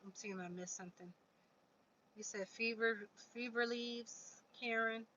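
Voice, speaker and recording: A woman's voice: fairly high pitch, fairly even intonation, unhurried, sharp tone. A woman casually chatting on a livestream, answering viewer comments and reading aloud from a book. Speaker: livestream host. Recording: dull lo-fi stream audio with faint noise.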